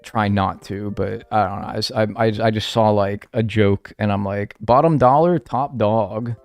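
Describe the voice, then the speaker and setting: A man's voice: fairly low pitch, little pitch movement, normal speed, a little mellow, faint music behind. A man chatting casually on a live stream, rambling and joking at his own expense. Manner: rambling, joking, self-mocking.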